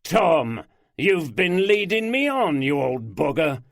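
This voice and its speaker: A man's voice: medium pitch, expressive, unhurried, no echo, natural voice. Blunt yorkshire detective, plain-spoken, dry close sound, a male narrator doing him. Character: middle-aged Yorkshire detective, blunt, theatrical.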